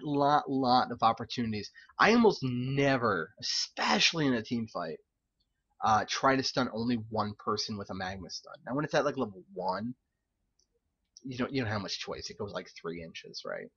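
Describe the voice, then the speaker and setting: Animated young man casting game replays. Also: medium pitch, breathy edge, muffled recording. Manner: animated, swearing, laughing, quick asides. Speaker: game caster reviewing replays. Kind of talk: casual live-stream replay commentary.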